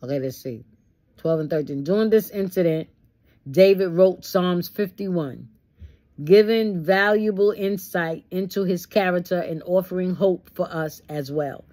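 A woman with a fairly low speaking voice leads a Bible study. She moves between reading the text and talking straight to her listeners in a folksy, preaching way, sometimes acting out what people say. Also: a little slow, warm tone. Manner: folksy, preachy asides, acts out quotes. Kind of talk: conversational Bible study teaching.

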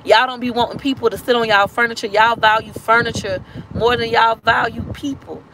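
A woman's voice: a little high, fairly even intonation, fairly quick, a bit bright, slight background noise, low-quality recording. A woman in her thirties venting bluntly and with plenty of profanity in a casual vlog. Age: 30s. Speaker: vlogger.

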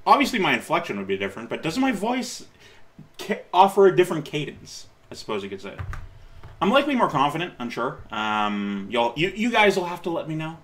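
A man's voice: fairly high pitch, wildly swooping pitch, fairly quick, fairly bright tone. Rambling, self-correcting young man. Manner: rambling, self-correcting, laughs at himself, encouraging. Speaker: YouTuber reacting to his old video. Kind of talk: casual reaction commentary.

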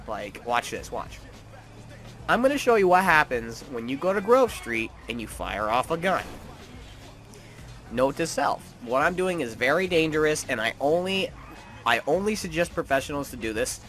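A man's voice: a little high, bright, forceful tone. A man commenting on his gameplay, joking and trash-talking the game's characters. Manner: taunting, joking, mock-tough trash talk. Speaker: gaming streamer.

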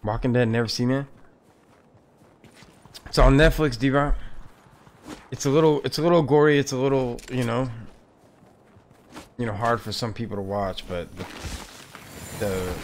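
A man's voice: mid-range voice, a little slow, pauses often, slight background noise. Laid-back man streaming a game. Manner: laid-back, trash-talking, laughs often. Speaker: gaming streamer. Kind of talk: casual gameplay chat with friends.

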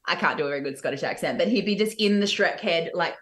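A woman with an Australian accent, a podcast guest, chatting casually and telling animated stories about stage work. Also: lowish voice, quick pace. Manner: animated storytelling with laughs. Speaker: guest, musical theatre actress.

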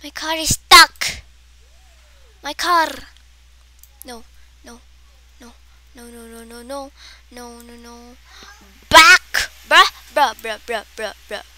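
A woman giving excitable, dramatic commentary while playing a game, with playful exaggeration and frequent gasps. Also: sits high, takes it slowly, pauses often, slight background noise. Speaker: gameplay streamer. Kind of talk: casual gameplay commentary.

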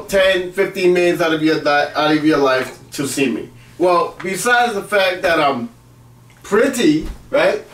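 Brash cursing man with a high voice. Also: fairly bright tone. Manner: brash, boastful, heavy cursing, mock-angry outbursts. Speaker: web series host. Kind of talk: profane comic rant to camera. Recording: roomy, distant from mic.

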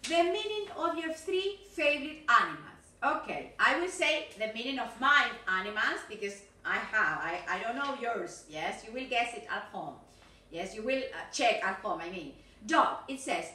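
A woman's voice: fairly high pitch, lively intonation, measured pace, pushed and bright. A middle-aged woman teaching an English video lesson, chatty and encouraging, with frequent "okay" and "yes". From Argentina. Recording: echoey room, distant mic.

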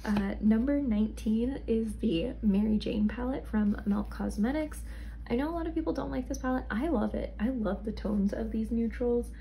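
A woman's voice: on the high side, normal speed, gravelly, mellow, slight background noise. A young woman casually reviewing products, chatty and rambling, sounding tired. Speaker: beauty vlogger.

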